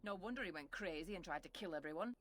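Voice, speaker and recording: Gruff Scottish woman botanist for a fantasy game, dry and impatient, a touch low. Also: lively intonation, fast, a bit bright. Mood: sardonic. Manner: sardonic, grumbling. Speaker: game character.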